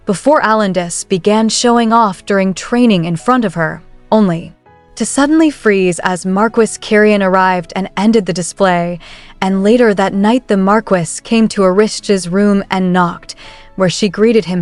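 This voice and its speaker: Smooth-voiced woman narrating a story. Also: mid-range voice, moderate pace, dry recording, soft background music. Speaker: recap narrator.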